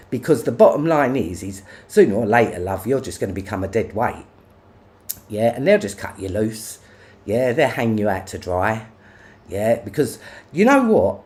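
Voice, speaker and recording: Someone with a medium-pitched, slightly mellow voice rants angrily on a livestream. They curse, confront others and keep tagging lines with "yeah?"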